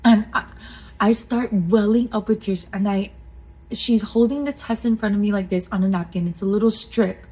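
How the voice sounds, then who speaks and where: A woman in her thirties co-hosting a faith podcast, telling a personal testimony in an earnest, emotional way with soft laughs. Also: medium pitch, moderate pace, breathy edge, low-quality recording. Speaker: podcast co-host.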